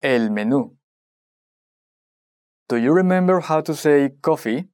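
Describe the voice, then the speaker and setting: A language-course narrator speaks at an unhurried, careful pace, giving prompts and then modelling each word. The delivery is scripted and even, built for repeating after. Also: mid-range voice. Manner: slow, deliberate prompting and modelling of words.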